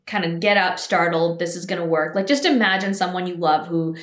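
A woman's voice: lowish voice, fairly quick, fairly bright tone, echoey room. A woman hosting a casual podcast chat, supportive and talking directly to listeners.

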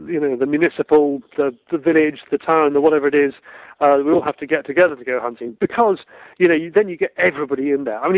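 Phone: tinny. Sex: man. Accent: British. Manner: fast, chatty storyteller. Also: on the high side, no room sound. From Britain. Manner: chatty, laughs through anecdotes, repeats words. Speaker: guest, field sports broadcaster. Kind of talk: conversational storytelling. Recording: tinny phone-like line, dry.

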